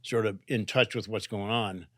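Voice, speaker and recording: A man's voice: on the low side, steady tone, normal speed, fairly bright tone, dry recording, studio quality. An older man, a climber and author, talking casually in an interview, rambling with restarts and asking "right?" a lot. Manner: rambling, restarts, frequent "right?" and "you know".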